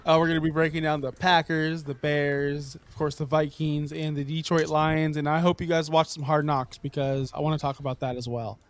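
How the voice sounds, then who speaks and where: A man hosting a casual sports podcast, keeping things moving with jokes and questions. His voice sits a bit higher than most men's. He teases his guests and steers the chat. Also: moderate pace, hardly any pauses, no room sound. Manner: lively, joking, leads the talk. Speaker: podcast host.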